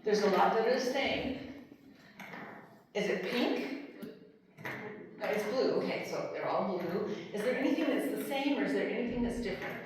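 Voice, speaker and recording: A woman's voice: a little high, animated, moderate pace, long pauses. A woman presenting a singing time workshop, coaching a group of adults through a song with clapping moves, counting down and singing along. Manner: upbeat, coaxing, counts down and sings along. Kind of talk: leading a live group song and movement workshop. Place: large hall with a group of adults. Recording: echoey hall, distant mic, crowd.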